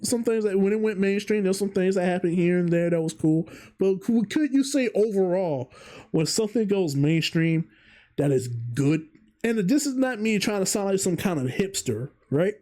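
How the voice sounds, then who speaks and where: A man's voice: sits high, lively intonation, normal speed, warm tone. A man hosting his own channel, talking through his opinions in a rambling, self-interrupting monologue with frequent chuckles. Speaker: vtuber host. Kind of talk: casual commentary monologue.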